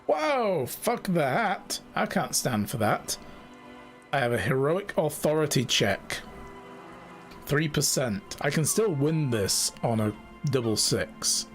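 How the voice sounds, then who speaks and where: A man's voice: medium pitch, slow pace, soft background music. A man streaming a video game, joking around and reading its lines aloud. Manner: animated, jokey, reads game lines aloud. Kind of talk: let's-play commentary.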